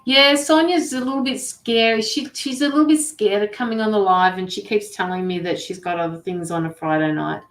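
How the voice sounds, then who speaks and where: A woman's voice: medium pitch, brisk, hardly any pauses. A middle-aged woman giving casual tarot and mediumship readings on a livestream, chatty and rambling, blunt and swearing freely. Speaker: intuitive tarot and mediumship reader. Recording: roomy echo.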